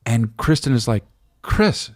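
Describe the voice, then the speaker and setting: A man's voice: low-pitched, expressive, moderate pace, no room sound, clean studio sound. A comedian hosting a podcast, telling a rambling story in casual monologue, acting out quotes and often restarting his sentences. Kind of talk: animated comic storytelling.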